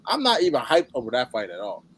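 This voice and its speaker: A man co-hosting a boxing podcast in casual chat, animated and slangy, getting loud as he argues. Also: mid-range voice, fast talker, crowd noise. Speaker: podcast co-host.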